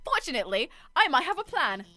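A woman's voice: high-pitched, sing-song, fast talker, pushed and bright, no echo, exaggerated voice. A woman voicing a nerdy, jittery female lizard scientist from a video game in a put-on British accent. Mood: perky. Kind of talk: reading game dialogue aloud.

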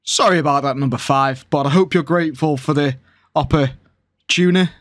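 A man's voice: fairly high pitch, moderate pace. A man co-hosting a quiz show, grilling contestants with mocking sarcasm. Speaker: co-host. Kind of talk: casual game-show banter.

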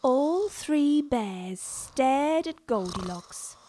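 A woman reading a children's story aloud, expressive and unhurried. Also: high voice, slight background noise. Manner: slow, lively, expressive. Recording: dry studio with soft music.

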